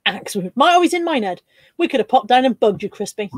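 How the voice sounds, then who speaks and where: A woman's voice: on the high side, very animated, fast talker, no room sound. Chatty woman hosting a live stream. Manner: chatty, reads out viewer comments with bursts of laughter. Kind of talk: casual live stream chat.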